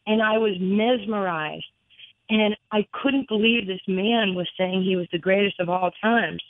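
A middle-aged woman, a radio guest, telling a personal story with many fillers and an earnest, halting way of talking. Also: medium pitch, dry recording. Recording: tinny phone line, dry.

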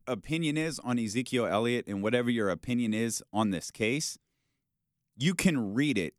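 A man hosting a sports talk show, arguing his point in a casual, animated way and acting out how people might react. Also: mid-range voice, no room sound, clean studio sound. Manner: animated, argumentative, acts out quoted reactions.

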